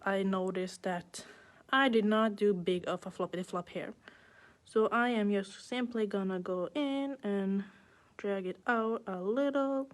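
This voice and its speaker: A woman nail artist talks through a live nail art class in an unhurried, relaxed way. She chats casually and thinks aloud as she paints, adding playful little sound effects. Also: mid-range voice.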